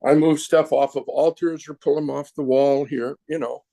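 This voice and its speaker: A man in conversation, a sound healer explaining symbols slowly and patiently while demonstrating with his hands. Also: on the high side, fairly even intonation, creaky, dark tone, no room sound. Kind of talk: conversational interview.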